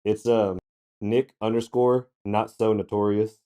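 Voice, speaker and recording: Mellow-voiced man telling a story. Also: fairly low pitch, little pitch movement, measured pace, smooth. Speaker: co-host. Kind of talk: casual chat.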